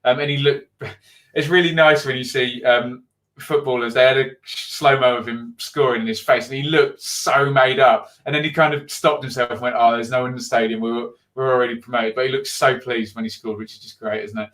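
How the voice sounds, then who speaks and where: A man's voice: mid-range voice, fairly even intonation, normal speed, a bit bright. A middle-aged man hosting a live football stream, reading out viewer comments and thinking aloud with frequent ums. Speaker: football channel host.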